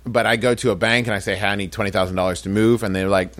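A man with a fairly low voice explains a sponsor casually on a comedy podcast. He restarts his sentences and lets the pitch ramble without any polish. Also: flat delivery, quick pace, fairly bright tone. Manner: explains things loosely, with restarts. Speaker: podcast co-host.

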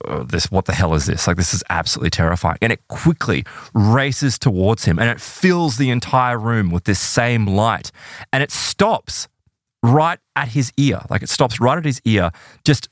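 During a casual podcast chat, a man with a mid-range voice tells an eerie true story, animated and peppering his speech with "right?" and "like." The studio sound is clean with no echo.

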